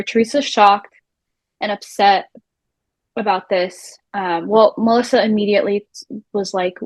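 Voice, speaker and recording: A young woman recaps reality TV in a loose, animated chat, swearing freely and slipping into the voices of the people she describes. Her voice sits at a middling pitch. The sound is dry and close, with no room around it. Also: moderate pace, no echo, rough recording. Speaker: recap show co-host.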